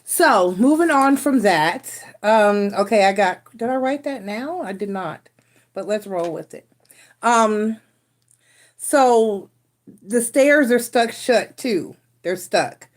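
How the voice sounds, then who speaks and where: A woman's voice: mid-range voice, slow pace. Frustrated woman chatting on a live stream. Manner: rambling, frustrated, with restarts and sighs. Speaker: tarot reader and live stream host. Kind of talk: casual live stream chat.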